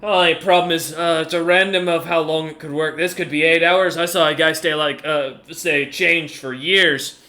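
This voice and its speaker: A man voicing a burly, earnest mercenary commander with a loud, excited delivery. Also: a little high, normal speed, hardly any pauses. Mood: cheerful.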